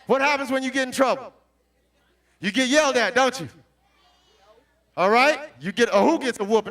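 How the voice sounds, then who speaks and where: A man preaching to a young audience in an animated way, calling out questions to the crowd and bursting into shouts. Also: very high voice, normal speed, long pauses, far from the mic. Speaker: Christian motivational speaker.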